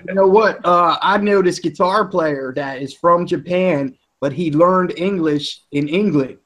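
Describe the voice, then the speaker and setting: A man's voice: sits high, a little slow, a bit bright. Chatty man with a New Jersey accent. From northeastern United States. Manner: rambling, chatty, laughs often. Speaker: chat participant. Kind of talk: casual group chat.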